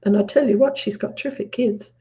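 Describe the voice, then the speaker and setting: A woman's voice: mid-range voice, fast, warm tone. A woman with an Australian accent talking earnestly in casual conversation, acting out quotes as she tells a story. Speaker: guest. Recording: dull lo-fi audio.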